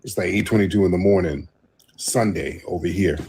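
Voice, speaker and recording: A man's voice: low-pitched, brisk, mellow, a little hiss or hum. A man hosting a casual livestream chat, telling rambling, profanity-laced stories. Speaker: host.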